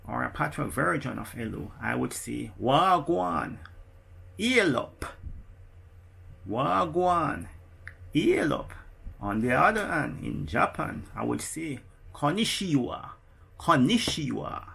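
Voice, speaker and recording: A man's voice: medium pitch, creaky, fairly bright tone, slight background noise. A Jamaican man in a casual vlog, teaching phrases and repeating each one twice with emphasis. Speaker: vlogger.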